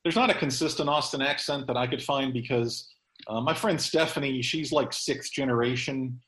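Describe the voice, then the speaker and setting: A man's voice: mid-range voice, moderate pace, fairly bright tone, echoey room, poor audio. Man rambling through a casual chat. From Texas. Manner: rambling, many ums and restarts. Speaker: host.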